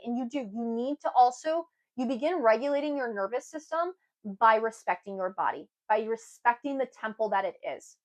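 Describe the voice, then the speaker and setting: A young woman giving an earnest, emphatic self-help talk to camera, with sudden lively bursts. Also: on the high side, moderate pace, low-quality recording. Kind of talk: casual motivational talk to camera.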